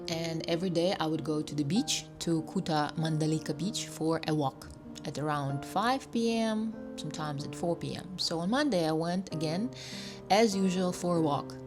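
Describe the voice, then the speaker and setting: Woman, travel vlogger, lowish voice, animated storytelling, soft music behind. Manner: animated, acts out voices of people she met. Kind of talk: casual storytelling vlog.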